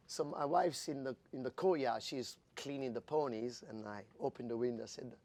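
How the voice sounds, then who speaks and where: A man in his fifties from Italy, a jockey telling stories in an interview, animated and laughing, acting out quoted voices. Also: medium pitch, moderate pace, hardly any pauses. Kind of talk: storytelling in an interview.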